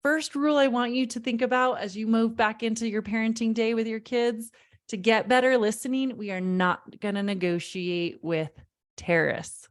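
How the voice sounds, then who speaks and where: Leading a live online parenting workshop, a woman coach talks at a moderate pace in a fairly high voice. She is emphatic, circles back to key phrases, and speaks straight to her listeners.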